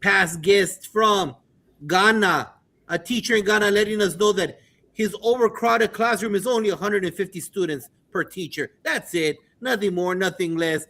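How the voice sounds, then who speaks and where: Brief: high-voiced male host, energetic and teasing, pumps up the panel. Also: moderate pace. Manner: playful, hype-driven, sing-song shout-outs. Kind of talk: lively panel hosting.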